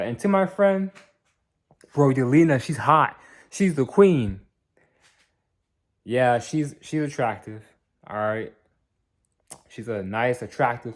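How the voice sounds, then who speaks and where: A tired young man giving a casual, rambling movie review, often repeating and restarting his words. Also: medium pitch.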